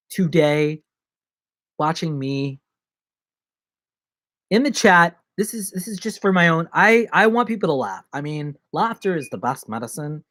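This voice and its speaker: A man's voice: fairly high pitch, a bit bright, dry recording. A man chatting casually on a live stream, rambling from one joke and bit of wordplay to the next.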